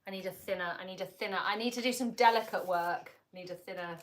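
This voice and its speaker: A woman's voice: medium pitch, fast. A woman hosting a livestream in casual chat, playful and joking, often laughing. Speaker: livestream host.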